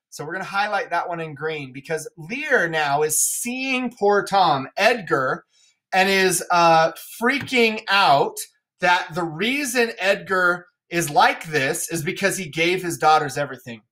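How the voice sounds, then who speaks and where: A woman's voice: fairly low pitch, expressive, unhurried, a bit bright. A woman teacher explaining a scene of a play in a casual, chatty way with jokey asides.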